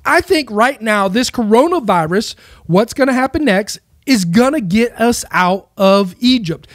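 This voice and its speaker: A man's voice: sits high, expressive, measured pace, dry recording, clean studio sound. A man giving a casual, rambling monologue on faith, with many rhetorical questions. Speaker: Christian speaker.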